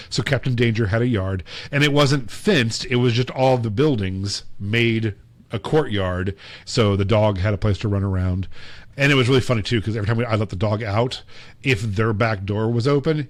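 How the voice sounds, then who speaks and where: A man with a fairly low voice tells a long, meandering story on a podcast, full of fillers and acted-out snippets of dialogue. The sound is dry and close, with no room around it. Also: no echo. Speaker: podcast co-host. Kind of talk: casual storytelling chat.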